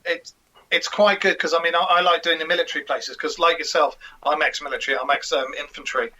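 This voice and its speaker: Guy hosting, kinda high bright voice, chatty, lots of i mean. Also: fairly even intonation, fairly quick, poor audio. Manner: chatty, many asides. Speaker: host. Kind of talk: casual interview chat.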